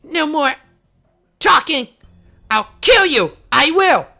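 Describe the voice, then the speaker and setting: A man reading a game aloud, voicing a fierce, vengeful young woman fighter who shouts and hurls insults. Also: extremely high pitch, big pitch swings, normal speed, voice pushed up, heavily acted. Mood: defiant.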